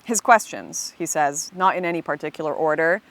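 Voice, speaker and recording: A woman's voice: deep voice, brisk, fairly bright tone. A woman, a former political activist, telling her own story in an earnest, emphatic way with frequent restarts. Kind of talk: personal storytelling monologue.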